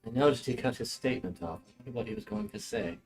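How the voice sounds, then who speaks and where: A man's voice: mid-range voice, wildly swooping pitch, rapid-fire, vocal fry, soft background music. A man running a tabletop game as dungeon master, making dry, wry remarks among friends.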